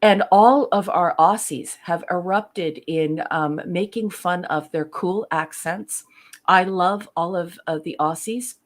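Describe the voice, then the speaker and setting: A middle-aged woman co-hosting a casual review chat, bubbly and quick to laugh, with plenty of fillers. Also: lowish voice. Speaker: podcast co-host.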